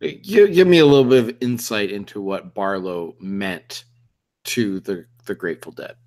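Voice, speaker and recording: A man's voice: lowish voice, moderate pace, darkish tone. A man hosting a casual talk show, asking questions and teasing his co-hosts. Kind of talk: casual chat.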